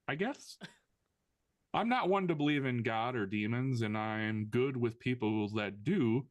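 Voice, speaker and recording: A man with a fairly low voice co-hosts a casual podcast, reading listener questions aloud in a dry, joking way. His delivery is close and dry. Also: no room sound. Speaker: podcast co-host.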